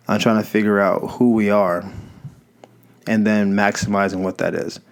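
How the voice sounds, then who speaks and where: A man's voice: on the low side, vocal fry. A young man hosting a podcast, talking in a casual, reflective monologue that rambles and corrects itself. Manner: conversational, rambling, self-correcting. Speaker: podcast host. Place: Los Angeles.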